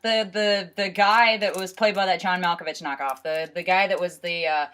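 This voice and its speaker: Bright-voiced young woman, halting chat. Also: on the low side, fairly even intonation, slight background noise. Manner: halting, stumbling over words, profane. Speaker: podcast co-host. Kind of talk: casual chat.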